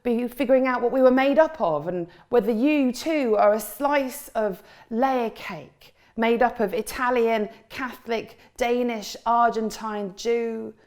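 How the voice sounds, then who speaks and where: A woman's voice: on the high side, measured pace, hardly any pauses, a little mellow. A woman performing spoken word poetry in a rhythmic delivery with repeated refrains. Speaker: poet.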